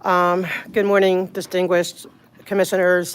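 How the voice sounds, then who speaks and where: A woman's voice: medium pitch, fairly even intonation, moderate pace. A woman from Los Angeles giving an earnest public comment at a city meeting, choked up and pleading with the commissioners.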